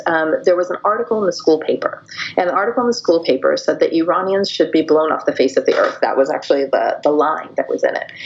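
A woman's voice: on the low side, highs cut off. A woman guest telling personal stories candidly in an interview, reflective and stopping often to restart her thoughts.

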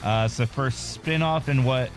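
A man's voice: medium pitch, moderate pace, faint music behind. A man co-hosting a casual podcast, chatting through news items with jokes. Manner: chatty, joking. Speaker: podcast co-host reading news. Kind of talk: casual chat.

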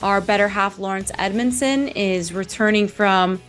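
A woman's voice: mid-range voice, moderate pace, faint music behind. An American woman hosting a casual motorsport chat in a mid-range voice. She sounds upbeat and keeps things moving with questions. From United States. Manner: upbeat, steering the talk with questions. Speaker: host.

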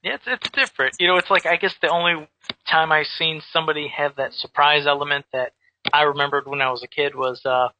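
A man telling a story in casual chat, animated, with many restarts and repeated words. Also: a little high, fast talker, muffled recording, a little hiss or hum. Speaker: guest who makes custom action figures.

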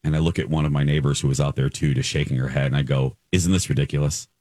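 A man's voice: rumbling low, fairly even intonation, fast, mellow, no room sound. A man hosting a morning radio show in casual chat, telling stories with gleeful, playful exaggeration.

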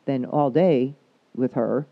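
A man's voice: medium pitch, slow, slightly rough. A man working as a counselor, talking casually and frankly, swearing freely as he explains things. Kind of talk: casual chat. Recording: dull lo-fi recording.

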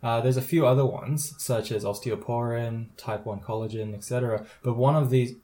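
A man's voice: medium pitch, fairly even intonation, normal speed, warm tone. A young man in his twenties, a medical student co-hosting a podcast, chatting casually and often affirming with yep and mm. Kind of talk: casual educational chat.

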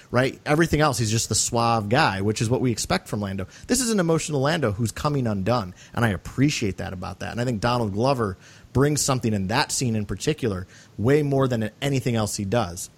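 A man hosting a podcast, talking through a film in an earnest, animated way and often checking for agreement. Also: medium pitch, a little fast, breathy edge. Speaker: podcast host. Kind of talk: casual film discussion.

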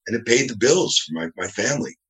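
A middle-aged man from New Jersey, a guest telling animated, rambling stories in a casual interview. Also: mid-range voice, quick pace, rough recording. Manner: rambling, animated, acts out quoted dialogue.

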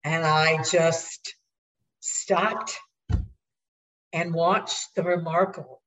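A woman, a guest and executive coach, telling a personal story in a reflective, unhurried way. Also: low-pitched, steady tone, fairly bright tone, far from the mic, poor audio. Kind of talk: storytelling in an interview.

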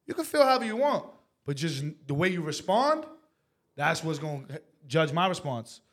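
Blunt New man, slightly higher voice, swearing podcast co-host. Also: very animated, moderate pace. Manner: blunt, emphatic, swears freely. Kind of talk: casual chat.

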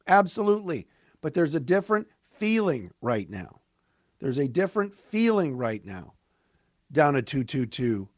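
A man hosting a solo sports talk podcast, recapping a game with emphatic, fan-like commentary and quick asides. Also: on the high side, huge pitch swings, dry recording, clean studio sound.

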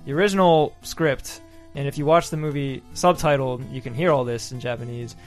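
A man's voice: mid-range voice, a little fast, soft background music. A man co-hosting a casual podcast, explaining a story eagerly and agreeing often with the others. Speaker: podcast co-host. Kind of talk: casual chat.

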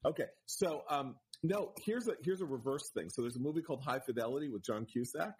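A man co-hosting a podcast, telling animated stories in casual chat, with fillers and restarts. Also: medium pitch, fast, slightly rough, poor audio. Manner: animated storytelling, with frequent fillers and restarts into voices. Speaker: podcast co-host.

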